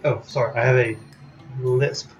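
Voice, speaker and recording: A man's voice: mid-range voice, steady tone, unhurried, lightly acted. A man reading out game dialogue as a creepy, grinning male innkeeper who stretches and oddly stresses his words, over music. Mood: creepy cheerful.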